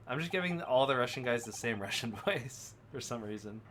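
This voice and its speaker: A man's voice: medium pitch, animated, a little fast, few pauses, fairly bright tone. A man casually commenting while streaming a story game, chatty and joking. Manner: chatty, joking asides, playful. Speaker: streamer playing a visual novel. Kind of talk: casual let's-play commentary. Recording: noisy background hiss.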